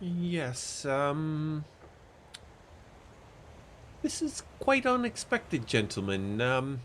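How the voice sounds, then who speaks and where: Guy doing a nervous posh young lady in a tabletop game, high, halting and polite. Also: big pitch swings, fairly bright tone, slight background noise, full character voice. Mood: uneasy, polite. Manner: hesitant, polite and formal. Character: nervous young woman in trouble, a refined lady.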